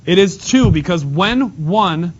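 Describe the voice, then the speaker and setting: A male math teacher teaching in a classroom, quizzing students and repeating key points in a brisk way. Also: high-pitched, lively intonation, slightly rough. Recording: dull lo-fi classroom recording with noise.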